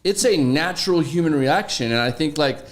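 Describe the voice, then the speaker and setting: A man telling anecdotes in an animated, casual way during a podcast conversation. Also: on the high side, a little fast.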